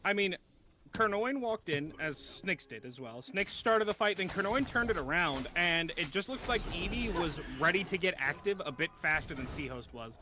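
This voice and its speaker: A man giving color commentary on an esports match in a high voice that swings widely in pitch. He breaks down the plays analytically and gets loud and excited when a fight starts. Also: moderate pace.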